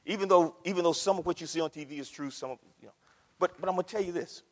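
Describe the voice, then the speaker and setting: A man preaching a sermon with fervour, calling out to his congregation and swinging from hushed to loud. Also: fairly high pitch, rapid-fire, in a large hall. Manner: calls out to the congregation. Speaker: pastor.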